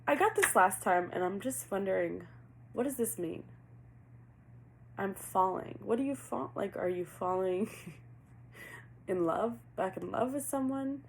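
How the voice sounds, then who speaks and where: A woman's voice: medium pitch, expressive, measured pace, gravelly, pauses often, a little hiss or hum, low-quality recording. A woman giving a casual tarot reading, chatty and laughing often, asking questions aloud as she goes. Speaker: tarot reader.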